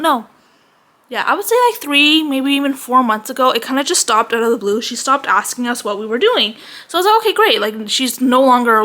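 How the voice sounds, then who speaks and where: A young adult woman venting in a casual vlog, animated and sweary, peppering her talk with "like", a little out of breath. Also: high voice. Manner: animated, heavy use of "like", swearing. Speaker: vlogger.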